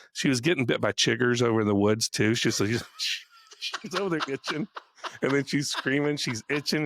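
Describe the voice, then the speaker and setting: A man co-hosting a podcast, telling a story in a casual, animated way, acting out quotes and laughing often. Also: mid-range voice, no echo, studio quality. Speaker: podcast co-host.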